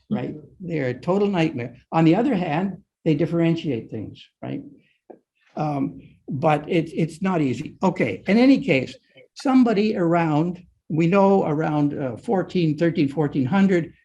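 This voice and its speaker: A man's voice: high voice, a little mellow, husky. An older man giving a guided lecture on an old manuscript, explaining step by step and often checking in with his listeners. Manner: explanatory, frequent "right?" checks.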